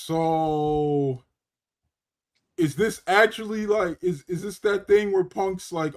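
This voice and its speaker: High-voiced man asking questions. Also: no room sound, studio quality. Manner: questioning, rapid restarts. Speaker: wrestling podcast co-host. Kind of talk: casual chat.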